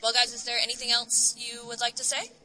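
A woman interviewer asking a band quick, friendly questions at a festival. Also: a little high, completely flat delivery, a crowd in the background, poor audio. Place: outdoor music festival.

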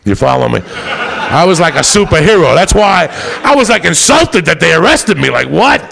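A man telling a profane stand-up story, rowdy and swinging into loud high-pitched outbursts. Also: very animated, moderate pace, creaky. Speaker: comedian. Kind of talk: stand-up storytelling to a live audience.

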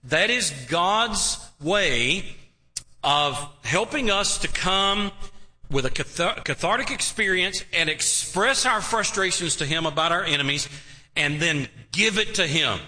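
Slow, bright-voiced pastor preaching. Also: male voice, high voice, animated. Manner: emphatic, drawn-out preaching with rhetorical questions. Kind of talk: sermon. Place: church sanctuary. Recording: reverberant church hall.

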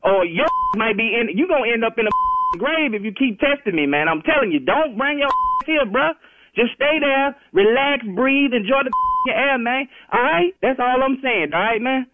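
A man's voice: very high-pitched, animated, normal speed, no echo. Angry man on a tinny phone line. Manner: heated, threatening, slangy. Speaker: prank call target. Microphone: telephone.

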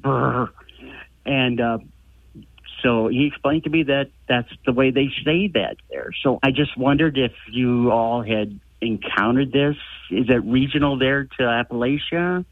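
A man's voice: medium pitch, a little slow, no echo. An older American man calling in to a radio show, telling a chatty story over a phone line. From United States. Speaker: caller. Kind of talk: phone-in anecdote.

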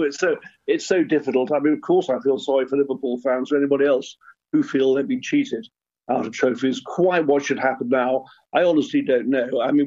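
Older man, radio guest, husky, hesitant and earnest, dull lo-fi line. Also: medium pitch, darkish tone. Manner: hesitant, repeats words, earnest. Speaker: guest, former football club chairman. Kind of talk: radio interview.

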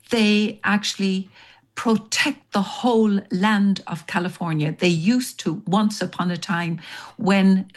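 An Irish woman being interviewed as a guest, telling long stories in a rambling, animated way. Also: fairly low pitch. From Ireland. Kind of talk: storytelling interview.

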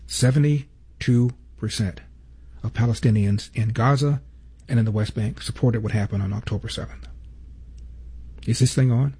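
A man hosting a commentary show, stressing key figures by slowing down. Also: lowish voice, dark tone, slightly rough. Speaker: host.

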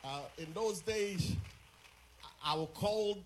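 A man's voice: high voice, slow, slight background noise. A man preaching as a visiting bishop from overseas, leading a sermon and prayer with fervent, rhythmic delivery and repeated phrases.

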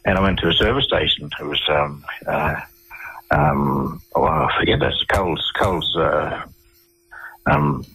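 Aussie guy on radio, real low voice, kinda husky, um-ing and restarting a lot. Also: pushed and bright, poor audio. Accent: Australian. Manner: rambling, halting, many fillers and restarts. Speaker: interview guest. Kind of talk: casual radio interview storytelling.

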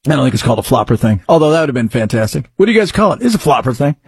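A man hosting a talk radio show, chatting excitably and rambling about sports news. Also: medium pitch, racing, breathy edge, no echo.

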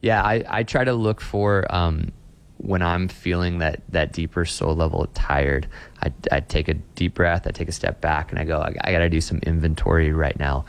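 Man in his 30s, pastor, earnest and conversational, very low voice, interview guest. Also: fairly even intonation, moderate pace, creaky, clean tone. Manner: earnest, repeats words when starting phrases.

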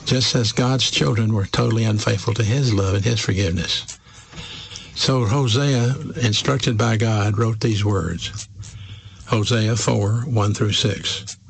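A man preaching a sermon as a pastor from the United States, slow and emphatic with measured pauses. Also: fairly low pitch, fairly even intonation, gravelly, low-quality recording.

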